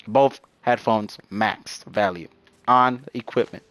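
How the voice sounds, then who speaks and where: A man's voice: medium pitch, moderate pace. A young man chatting casually and rambling in slang while he plays a video game. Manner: rambling, slangy, animated storytelling. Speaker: gaming channel host. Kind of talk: casual chat while gaming.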